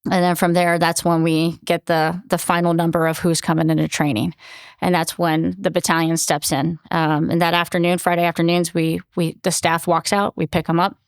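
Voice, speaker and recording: A woman's voice: on the low side, clean tone, no echo. A middle-aged woman, a military commanding officer, telling stories earnestly in an interview with many fillers. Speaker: battalion commanding officer, guest. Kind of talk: conversational interview storytelling.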